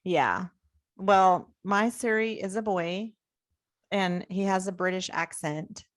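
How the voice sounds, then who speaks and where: A woman co-hosts a podcast, chatting casually in an upbeat way with quick restarts. Her voice is medium-pitched, and the sound is clean studio quality with no echo.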